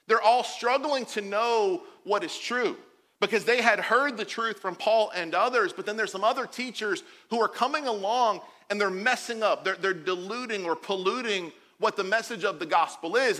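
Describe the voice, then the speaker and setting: A man in his forties preaching a sermon, animated and jokey, acting out the quotes he tells. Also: high voice, big-room sound. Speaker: pastor.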